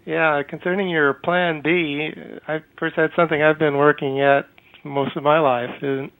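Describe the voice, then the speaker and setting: A man calling in to a talk show, speaking haltingly with many hesitations and partly reading from notes. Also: fairly high pitch, little pitch movement. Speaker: caller. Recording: tinny phone line.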